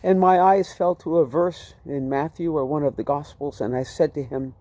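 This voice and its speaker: A man telling his personal testimony in a vivid, animated way, often repeating himself. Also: on the high side, normal speed, no echo. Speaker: testimony speaker.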